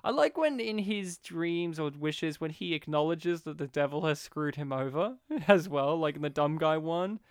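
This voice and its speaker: High-voiced man, animated chat. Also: moderate pace, few pauses, smooth, dry recording, clean studio sound. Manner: animated, acts out movie lines in put-on voices. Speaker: podcast co-host. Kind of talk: casual film chat.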